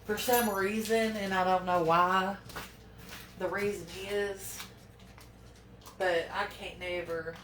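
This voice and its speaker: A woman's voice: mid-range voice, steady tone, slow, pauses often, recorded from a distance, background noise. A woman, chatting casually to viewers as she cooks in her home kitchen, fretting aloud as she fumbles. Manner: folksy, talks to viewers while fumbling and fretting. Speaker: home cooking vlogger. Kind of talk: chatty cooking demonstration. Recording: echoey kitchen from off-mic with clattering pans.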